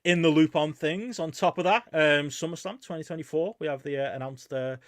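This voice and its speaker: A man's voice: on the high side, dry recording, clean studio sound. A man co-hosting a podcast, running through news in casual chat with lots of fillers. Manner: quick, filler-heavy, reading news items. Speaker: podcast co-host.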